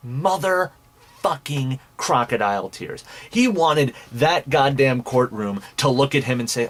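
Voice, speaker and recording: A man's voice: mid-range voice, animated, measured pace, fairly bright tone. Angry young guy ranting on his show, swearing a lot, voice jumps around a lot. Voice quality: profane, mocking, ranting. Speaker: commentary podcast host. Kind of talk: angry profane commentary.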